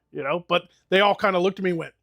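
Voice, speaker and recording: A man's voice: high voice, vocal fry, fairly bright tone, dry recording. An American man streaming and chatting casually, telling rambling, profane stories with lots of fillers. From United States. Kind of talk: casual chat.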